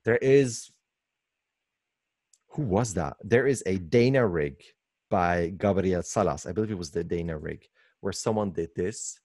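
A man in his forties, a guest animator, gives an enthusiastic webinar commentary from his home workspace over a video call mic. His voice is deep and his pace measured, with frequent pauses, yet he's excitable, laughing often and gushing in a lively way. The sound is clean, studio-like, with no room sound.

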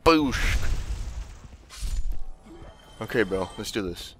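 A young man talking over his own game footage, taunting enemies with profane trash talk. His pitch swings widely, jumping into startled yelps, while his pace stays slow and unhurried between outbursts. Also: lively intonation, a bit bright, a little hiss or hum. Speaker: let's play host. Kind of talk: gameplay commentary.

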